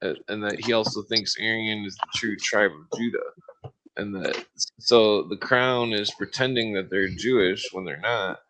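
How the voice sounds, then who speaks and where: A man with a lowish voice talking at length on a podcast, his sentences looping and restarting as he goes. He keeps pressing on over the other speakers. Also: moderate pace, bright, forceful tone, a little hiss or hum, rough recording. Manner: rambling, restarts often, talks over others. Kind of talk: casual podcast chat.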